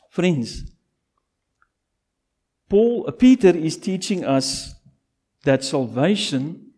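A man preaching a sermon, reading scripture and then expounding it with slow, emphatic repetition. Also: a little high, sing-song, warm tone.

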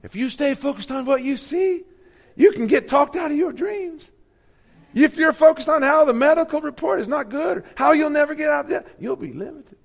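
A man imitating a beaming, upbeat male megachurch preacher in a bright, sing-song delivery. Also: very high voice, normal speed, gravelly, pitched above the performer's own voice.

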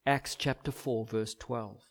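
A man's voice: medium pitch, steady tone, takes it slowly. A man preaching a sermon, emphatic and driving his points home with rhetorical questions.

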